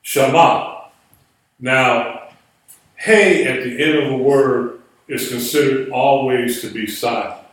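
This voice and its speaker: A man lectures a small class at a slow, deliberate pace, patiently spelling words out letter by letter. His voice is set at a middling pitch. He sits far from the microphone, and a heavy room echo surrounds every word. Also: a bit bright. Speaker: Biblical Hebrew teacher. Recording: echoey room, voice far from mic.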